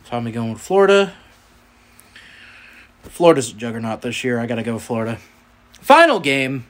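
A man's voice: medium pitch, very animated, moderate pace. Man with a Southern drawl. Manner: reads out matchups, then banters. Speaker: podcast host. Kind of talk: casual sports podcast chat.

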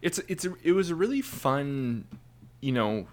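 A man's voice: medium pitch, big pitch swings, measured pace. A man co-hosting a podcast, chatting casually about an anime episode with many fillers and restarts. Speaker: podcast co-host. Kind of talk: casual chat.

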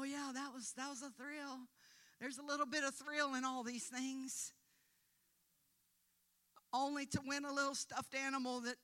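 An older woman preaches with a bright, forceful voice. She sinks into hushed, tender pleading, then swells into loud, fervent exhortation. Her delivery stays earnest and direct. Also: on the high side. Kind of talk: sermon.

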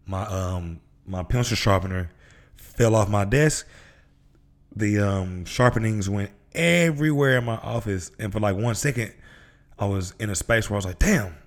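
Laid-back and full of slang, a podcast host from Memphis, Tennessee gives a casual motivational monologue and voices characters as he tells stories. He speaks at a moderate pace in a lowish voice.

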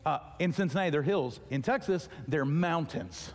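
A pastor delivering a sermon, telling a story with lively acted-out dialogue. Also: male voice, a little high, fast, few pauses. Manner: animated storytelling, acting out dialogue. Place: church auditorium. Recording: long reverb of a large hall.

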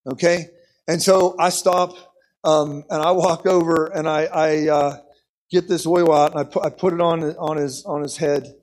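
Animated high-voiced male preacher. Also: moderate pace. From United States. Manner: animated, repeats words, frequent "okay?". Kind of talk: sermon storytelling.

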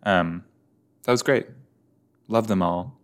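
Slow, low-voiced man joking casually. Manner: chatty, joking, many fillers. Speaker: reaction video host. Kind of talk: casual reaction commentary.

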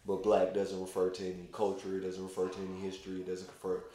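Casual male co-host, low voice, rambling and loose, recorded in a very echoey room. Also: monotone, fast, mellow. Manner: loose and rambling, heavy use of "like". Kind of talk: casual conversation.

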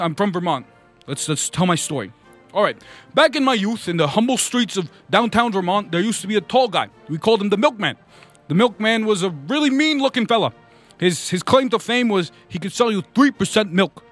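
A man puts on a cranky older politician from Vermont who rants and stammers, repeating himself as he goes. The voice sits high and strained, with faint music behind it. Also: fairly bright tone. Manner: ranting, blustery, repetitive stammering. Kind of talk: comedy story bit, Bernie Sanders impression.

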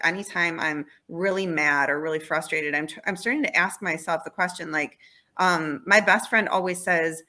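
A woman's voice: fairly low pitch, bright, forceful tone. A woman in her thirties, a podcast guest, talking candidly and reflectively about parenting in casual conversation. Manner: candid, self-reflective storytelling.

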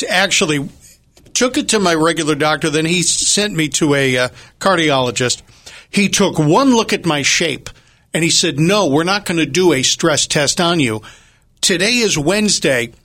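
A man's voice: fairly high pitch, animated, moderate pace, bright, forceful tone. A man in casual chat, agreeable and brief, telling about a visit to his doctor. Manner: agreeable, short answers, tells his own story. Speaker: guest.

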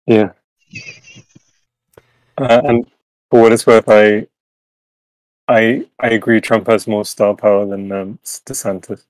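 Give me a low, monotone man in a put-on American accent, chatting as a podcast guest. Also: slow, long pauses, dry recording, low-quality recording. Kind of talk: casual podcast chat.

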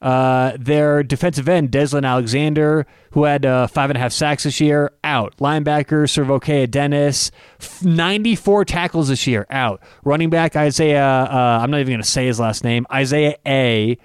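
A man's voice: medium pitch, fairly even intonation, normal speed, smooth, dry recording, studio quality. A man co-hosting a sports betting show, running through player stats and picks in a casual, joking way. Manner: listing stats, joking banter.

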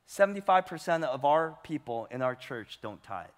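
A man's voice: fairly high pitch, very animated, normal speed. A male pastor preaching a sermon with emphasis, putting rhetorical questions to his congregation. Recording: long hall reverb.

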